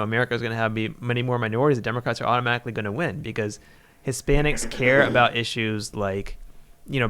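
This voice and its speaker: Male journalist guest, quick and analytical, smooth clear voice. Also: medium pitch. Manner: analytical, steady, with frequent fillers. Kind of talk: political panel discussion.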